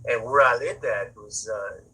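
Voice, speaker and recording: Husky man with a sharp, bright voice. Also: medium pitch, measured pace, rough recording. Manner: profane, rambling, repeats words while searching. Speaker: interviewee. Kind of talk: casual spoken storytelling.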